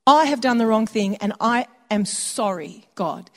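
A woman's voice: a little high, animated, measured pace. Woman preaching in a reverberant hall. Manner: warm conversational preaching with acted asides. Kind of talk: sermon.

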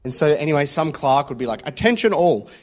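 A man with a slightly raised pitch delivers a casual sermon. He talks in a loose, anecdotal way, trailing into stories and checking in with the listeners as he goes. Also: lively intonation, a little fast. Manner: conversational, anecdotal, checks in with "yeah?". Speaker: preacher.

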